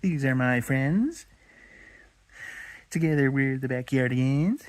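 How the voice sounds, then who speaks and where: A man's voice: medium pitch, animated, slow pace. A man doing a goofy purple kangaroo.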